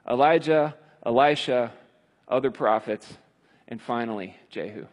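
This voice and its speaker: A man's voice: mid-range voice, unhurried, highs cut off. A male preacher retelling scripture in a conversational sermon with emphatic stresses. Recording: long hall reverb.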